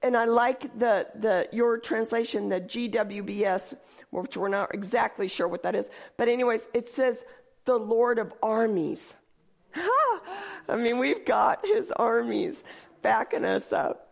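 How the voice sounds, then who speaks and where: A woman leading a church service who reads scripture slowly, then preaches in a lively, chatty way and often laughs while speaking. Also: on the high side, vocal fry. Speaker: church worship leader. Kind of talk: sermon.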